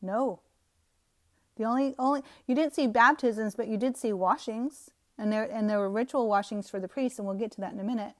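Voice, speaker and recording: A woman's voice: on the high side, brisk. A scornful, emphatic woman teaching scripture. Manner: scornful, emphatic, laughs at the text. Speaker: Bible teacher. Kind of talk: scriptural commentary to viewers.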